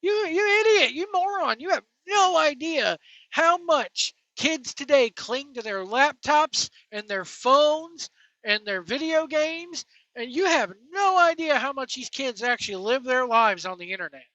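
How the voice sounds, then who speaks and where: Host on a rant: bright, forceful voice, blunt and scornful, trading insults. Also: high voice, expressive, a little slow, no room sound, highs cut off. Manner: blunt, scornful, name-calling. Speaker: wrestling commentary host. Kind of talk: opinionated rant.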